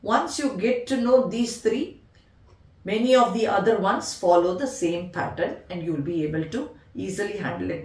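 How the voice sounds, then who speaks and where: A woman's voice: medium pitch, echoey room, distant mic. A woman teaching veena in a patient tutorial, counting beats and naming the notes one by one. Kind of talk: music tutorial explanation.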